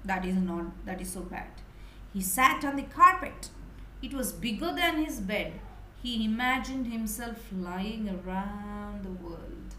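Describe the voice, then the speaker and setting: Animated woman teacher explaining a story. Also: medium pitch, unhurried, reverberant, slight background noise, rough recording. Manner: animated, asks the children questions.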